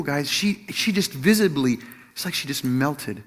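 A middle-aged man telling a personal story in a sermon, animated and self-laughing, acting out what others said. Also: on the high side, normal speed, breathy edge. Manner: animated storytelling, acts out quotes, laughs at himself. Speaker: Christian teacher or pastor.

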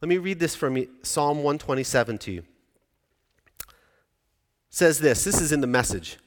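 The echoing church hall carries the fairly high, expressive voice of a pastor in his forties speaking at a moderate pace. His preaching has a conversational feel, punctuated by frequent questions to the people in the pews.

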